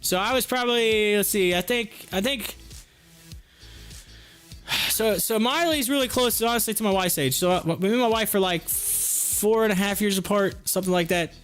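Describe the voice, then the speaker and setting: A man's voice: high voice, normal speed, a bit bright, soft background music. A man, hosting a livestream and casually telling a rambling story full of restarts and repeated words. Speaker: stock trading livestream host.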